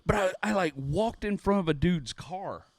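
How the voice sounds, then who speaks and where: A man from Houston, co-hosting a comedy podcast and telling stories with animated, acted-out quotes. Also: high-pitched, normal speed, no echo, studio quality. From Houston, Texas. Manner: animated, acts out quotes, laughs often. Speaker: podcast co-host. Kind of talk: casual comedic storytelling.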